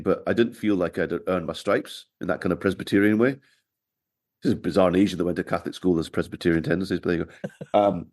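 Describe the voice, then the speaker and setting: A man's voice: sits low, a little mellow. A middle-aged man, a podcast guest telling wry anecdotes in casual interview chat. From Scotland, raised in Glasgow.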